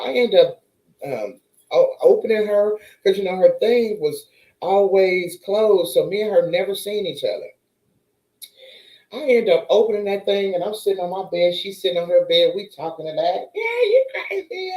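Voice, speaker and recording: A woman's voice: medium pitch, moderate pace, mellow, roomy sound, poor audio. A woman chatting casually to her viewers, telling a story and acting out the voices of the people in it. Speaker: vlogger.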